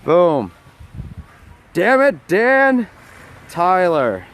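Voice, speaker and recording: A man with a New York accent live streams from a phone held in his hand while walking a snowy street, joking and chatting with viewers and complaining that he's freezing. His voice is high and fairly bright, with wildly swooping pitch and a very slow pace.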